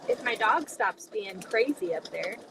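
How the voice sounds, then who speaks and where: Live-streaming from her basement sewing room, a young woman hosts a quilting stream, chatting casually with lots of fillers and giggles. Her voice is medium-pitched and expressive, her pace unhurried, with background noise present.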